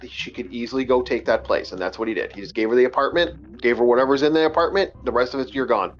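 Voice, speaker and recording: A man's voice: medium pitch, rapid-fire. A man tells a story on a casual live podcast, rambling and restarting his words often. His voice sits mid-range. The stream audio is dull and lo-fi with faint hiss. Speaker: podcast host.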